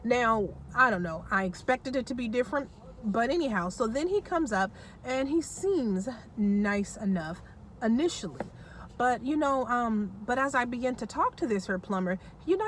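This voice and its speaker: A woman tells a personal story to her vlog audience in a chatty, animated way. Her voice sits fairly high, and a faint background hiss stays under it. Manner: chatty, animated, laughs while telling. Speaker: storytime vlogger. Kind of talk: casual storytelling.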